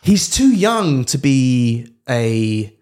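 Joking podcast co-host man, lively pitch. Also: extremely slow, smooth. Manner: jokey, does playful voices of drivers. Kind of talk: casual comedic chat.

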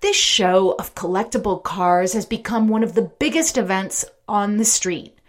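A woman hosting a podcast, reading her narration in a measured, polished way. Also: medium pitch. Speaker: podcast host. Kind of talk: interview and scripted narration.

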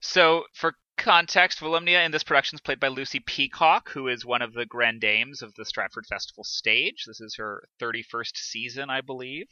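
A man's voice: mid-range voice, normal speed, hardly any pauses, bright, forceful tone, dry recording. A man co-hosting a podcast, talking through a theatre production in a casual, hesitant way, with many restarts. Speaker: podcast co-host. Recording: dull dry lo-fi sound.

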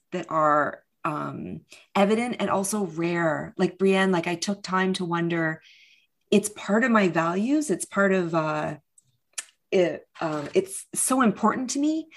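A middle-aged woman in casual conversation, speaking with emotion, often halting and restarting with fillers. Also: mid-range voice, a bit bright.

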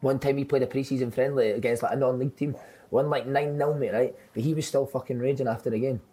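A man's voice: mid-range voice, fairly even intonation, fast talker, dark tone, breathy edge. A man, a podcast host telling swearing-filled football stories with lots of laughter. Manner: swearing, laughing, says "mate" often. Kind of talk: casual chat, storytelling.

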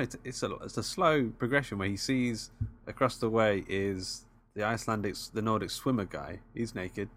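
A man with a lowish voice recounts a film's scenes in a loose, rambling way. He fills pauses with hesitations and laughs easily. The tone is casual conversation between friends. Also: a bit bright. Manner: laughs often, rambling with fillers. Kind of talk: casual film discussion.

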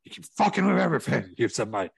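A man's voice: mid-range voice, big pitch swings, quick pace, vocal fry, husky, no echo, voice pushed up, full character voice. A man impersonating an older, blustering wrestling promoter in an exasperated rant. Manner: exasperated ranting.

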